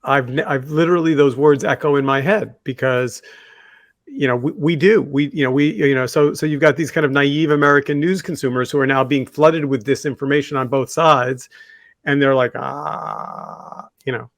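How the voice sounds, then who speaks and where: Co-hosting a podcast, a man with a medium-pitched voice talks a little fast in a casual discussion, recorded with no room sound. His storytelling wanders conversationally, with frequent fillers and restarts.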